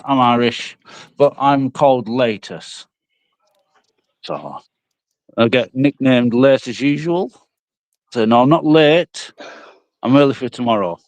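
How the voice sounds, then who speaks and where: A man's voice: mid-range voice, slow pace, long pauses, no room sound. A man in a casual live chat, telling little stories about himself in a chatty, self-deprecating way. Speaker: chat guest.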